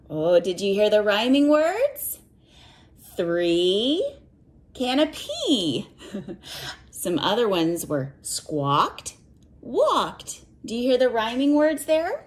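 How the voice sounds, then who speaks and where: Lively slow-paced woman reading to kids. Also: fairly high pitch. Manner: animated, asks the listener questions and counts along. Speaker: children's book reader. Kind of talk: reading a picture book aloud to children.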